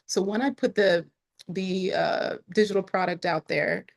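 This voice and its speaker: A woman's voice: fairly low pitch, fairly even intonation, a little slow, vocal fry. A woman speaking to camera in a casual vlog about her online business, chatty, with frequent laughs and restarts.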